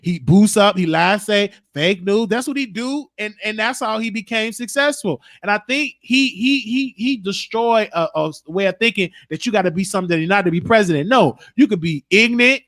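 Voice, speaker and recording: High-voiced man ranting bluntly on his show. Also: normal speed, few pauses, fairly bright tone, dry recording, studio quality. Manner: rambling, blunt, freely cussing. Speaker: show host. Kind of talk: casual livestream chat.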